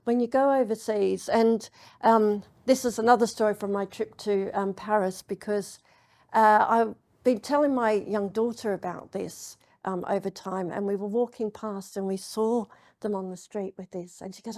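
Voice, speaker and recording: A woman giving a public lecture, telling anecdotes in a chatty way with many pauses and ums. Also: medium pitch, steady tone, darkish tone. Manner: chatty storytelling with frequent ums. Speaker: university lecturer. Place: lecture hall.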